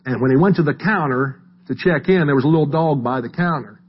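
A middle-aged man, giving an informal church sermon in a folksy, halting way with many restarts and asides. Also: fairly high pitch, husky. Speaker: lay preacher. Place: church sanctuary. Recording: muffled, lo-fi church recording.

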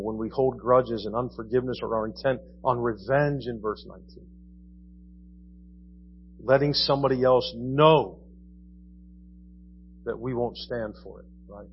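A man's voice: mid-range voice, moderate pace, highs cut off, slight background noise. Man preaching with rhetorical questions. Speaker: pastor. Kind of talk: sermon. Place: church.

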